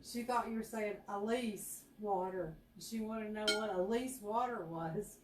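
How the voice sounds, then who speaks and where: Slow-talking older Southern woman, teasing. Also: medium pitch. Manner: chatty, teasing, quick to laugh. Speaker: co-host. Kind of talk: casual cooking chat. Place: home kitchen. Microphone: distant mic. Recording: echoey kitchen with far-off mic and background hiss.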